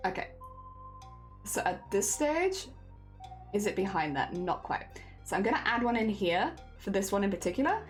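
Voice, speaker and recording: A woman's voice: medium pitch, very animated, normal speed, pauses often, soft background music. A young woman streamer with a slightly congested voice, chatting casually as she talks herself through rigging work and greets viewers. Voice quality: coughing, a little congested. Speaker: streamer rigging a vtuber model. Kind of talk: casual live-stream talk while working.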